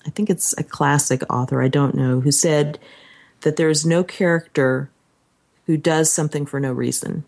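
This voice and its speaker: A woman's voice: deep voice, fairly even intonation, moderate pace, gravelly, a little mellow. A woman co-hosting a podcast, telling a story in a casual chat and acting out the quotes she tells. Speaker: podcast co-host.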